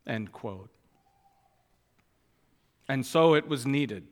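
A man delivering a sermon at an unhurried, measured pace. He lifts his voice with emphasis on quoted scripture. His voice rings out with the long reverb of a church hall. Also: mid-range voice, a bit bright. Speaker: preacher.

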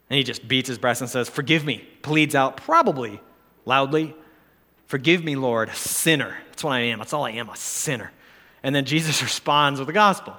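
A man's voice: medium pitch, bright, forceful tone. A man preaching a sermon in an earnest, pleading, conversational way, correcting himself as he goes. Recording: long hall reverb.

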